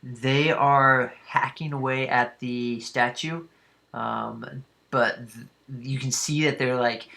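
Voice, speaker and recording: A man narrating as dungeon master, halting with many fillers. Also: medium pitch, fairly bright tone. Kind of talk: narrating a tabletop game.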